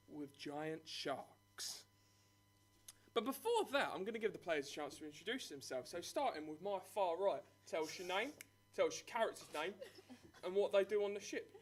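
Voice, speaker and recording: Booming theatrical game master, a man. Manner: theatrical, booming scene-setting. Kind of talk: live tabletop game narration. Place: live venue before an audience.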